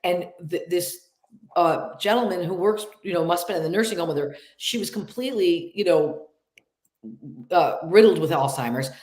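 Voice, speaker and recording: A woman's voice: on the low side, moderate pace, echoey room. A middle-aged woman with a nasal upstate New York accent, chatting as an actress guest and telling stories with lots of fillers. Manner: chatty, animated storytelling with many fillers. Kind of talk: casual interview chat.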